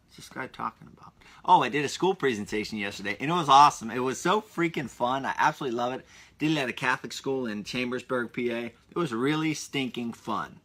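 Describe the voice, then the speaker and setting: Man, solo podcast host, casual rambling monologue, bright tense tone, mid pitch. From Pennsylvania. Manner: rambling and chatty, stalls with restarts and asides.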